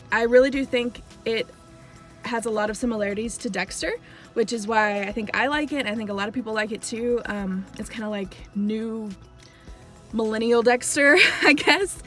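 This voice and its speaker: A woman's voice: a little high, fairly bright tone. A young woman giving a casual, chatty spoiler recap of a TV series, full of "like" and dramatic asides. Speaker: TV show reviewer.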